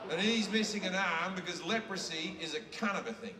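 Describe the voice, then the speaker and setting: Brash, profane Australian comedian, echoing hall. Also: male voice, sits high, a little fast. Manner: crude, brash, heavily profane. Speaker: stand-up comedian. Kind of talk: stand-up comedy set. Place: large theatre with live audience. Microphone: bootleg recorded from the audience. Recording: echoey hall bootleg from far off, loud room noise.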